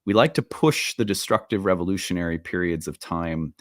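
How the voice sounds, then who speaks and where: A man hosting an astrology video in a casual talk, animated and self-deprecating, laughing at his own jokes, recorded at home. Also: low-pitched, fairly quick, no echo, clean studio sound. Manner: self-deprecating, playful asides. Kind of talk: casual solo talk to camera. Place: home room with open windows.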